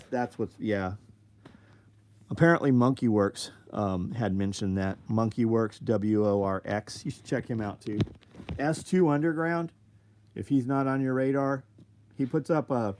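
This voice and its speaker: A man's voice: mid-range voice, darkish tone, slight background noise. A middle-aged man hosting a live stream, chatting loosely, reading viewer comments aloud and swearing freely. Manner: loose, profane, reads chat aloud. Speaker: livestream host. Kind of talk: casual livestream chat.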